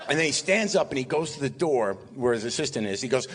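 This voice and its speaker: A man doing live comic storytelling, animated and rapid-fire, acting out the dialogue. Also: medium pitch, long reverb tail. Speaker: guest comedian.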